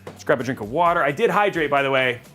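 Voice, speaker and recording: A man's voice: mid-range voice, expressive, quick pace, pushed and bright, soft background music. A man hosting a live PC-building stream from a studio. He chats casually and cheerfully and rambles with plenty of fillers. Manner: chatty, upbeat, rambling with fillers. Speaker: livestream host building a PC.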